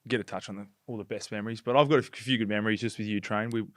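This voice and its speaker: A man's voice: fairly low pitch, steady tone, racing, a bit bright, dry recording, studio quality. A man hosting a podcast, bantering and teasing his guest. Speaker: podcast host. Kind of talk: casual chat.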